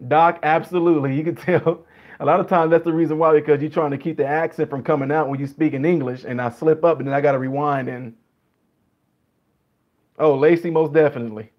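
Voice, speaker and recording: A man's voice: fairly high pitch, fairly even intonation, fairly quick. A man with a Jamaican accent, chatting casually with livestream viewers and answering them by name, on dull lo-fi stream audio. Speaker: livestream host.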